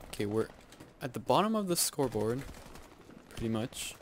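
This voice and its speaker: A man giving live gameplay commentary, excitable and self-mocking, yelping and groaning as he plays. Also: mid-range voice, moderate pace, a little hiss or hum. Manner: excitable, yelps and groans at in-game deaths; self-mocking, joking asides. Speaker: video game YouTuber. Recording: loud game gunfire under the voice.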